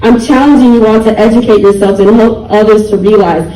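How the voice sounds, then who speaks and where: A woman's voice: mid-range voice, steady tone, brisk, mellow, echoey room, far from the mic, low-quality recording. Young woman giving an emotional, pleading speech. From United States. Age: young adult. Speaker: speaker at a community rally. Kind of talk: public speech.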